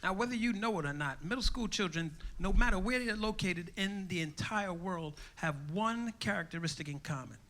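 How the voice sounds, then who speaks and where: A man doing a profane, brash stand-up routine, telling animated stories. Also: sits high, moderate pace, hardly any pauses. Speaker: stand-up comedian. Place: comedy club stage. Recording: live club recording with audience noise.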